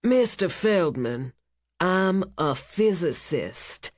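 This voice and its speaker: A narrator voicing a skeptical scientist, a man with a soft American accent who talks slowly and condescendingly. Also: mid-range voice, lively intonation, no room sound, clean studio sound, lightly acted.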